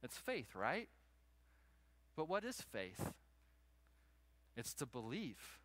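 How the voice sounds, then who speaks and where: A man preaching a sermon to a congregation, animated, acting out little scenes in raised voices. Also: mid-range voice, takes it slowly, no room sound. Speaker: pastor.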